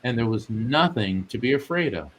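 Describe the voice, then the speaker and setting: A man's voice: medium pitch, animated, normal speed. A man tells a story as an interview guest, with a mid-range voice. He acts out the voices of the people in his story. A faint noise sits behind him. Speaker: guest psychic medium.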